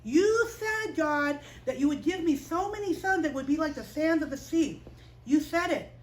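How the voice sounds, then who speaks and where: A woman's voice: sits high, lively intonation, moderate pace, roomy sound, far from the mic. A woman voicing a worried, pleading young man from a Bible story, told to children. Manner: anxious, begging.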